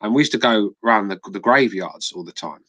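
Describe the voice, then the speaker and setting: English male co-host, slightly low, dry close sound, loose sweary storyteller. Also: a little fast, fairly bright tone, dry recording, poor audio. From England. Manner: chatty storyteller, swears casually. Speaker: podcast co-host. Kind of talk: casual podcast chat.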